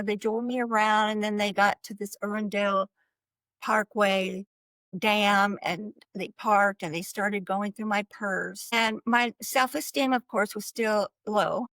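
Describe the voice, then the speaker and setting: A woman giving a personal faith testimony as a guest, talking in an earnest, halting way with restarts and light laughs. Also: medium pitch, fairly even intonation, fairly bright tone, no room sound, low-quality recording. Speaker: guest sharing her life story.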